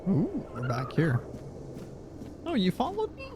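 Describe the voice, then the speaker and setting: A man's voice: sits high, wildly swooping pitch, measured pace, background noise. A man streaming a video game, making playful, wry asides. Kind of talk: casual gameplay commentary.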